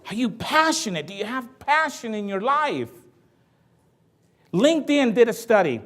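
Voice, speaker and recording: A man giving a motivational talk to an audience, telling stories in a lively, jokey way. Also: very high-pitched, unhurried. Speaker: motivational speaker.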